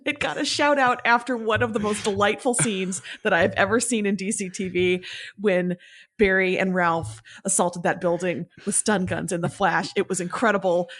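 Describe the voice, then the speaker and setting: A woman's voice: medium pitch, a bit bright. A woman co-hosting a podcast in casual chat, enthusiastic and talkative. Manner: enthusiastic and chatty. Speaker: podcast co-host.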